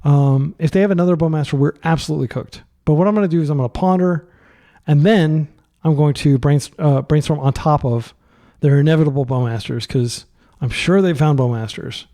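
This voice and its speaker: A man's voice: on the high side, a little fast, warm tone. Frustrated man narrating a card game. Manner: frustrated, self-deprecating, thinking aloud. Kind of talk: live gameplay commentary. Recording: hot mic, slightly overdriven.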